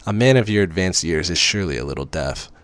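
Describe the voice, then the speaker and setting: A flustered young woman from a spicy storybook fires off playful, exasperated emails, as a man reads her lines. The voice sits very low and lands dry and close. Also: expressive, quick pace, a bit bright, smooth, no echo. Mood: teasing.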